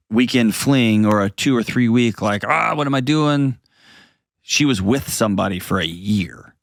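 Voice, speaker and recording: A man's voice: medium pitch, no room sound, clean studio sound. A man hosting a call-in advice show, talking bluntly and earnestly to a caller and telling stories.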